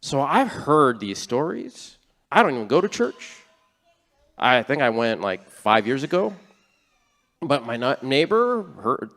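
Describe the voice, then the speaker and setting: A man's voice: fairly high pitch, fairly bright tone, in a large hall, full character voice. A man putting on the voice of a casual man who seldom goes to church and hopes for a healing, speaking in an offhand, chatty way.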